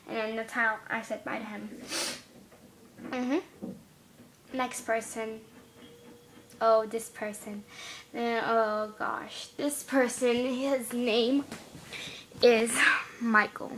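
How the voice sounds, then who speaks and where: A woman's voice: on the high side, flat delivery, normal speed. A girl vlogging casually, rambling and giggling as she talks about her classmates. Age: young girl. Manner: chatty, giggly, rambling with restarts. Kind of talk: casual chat to camera.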